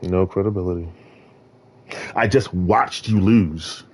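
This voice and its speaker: A man streaming, talking in a rambling rant that swings between loud outbursts and low muttering. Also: slow pace.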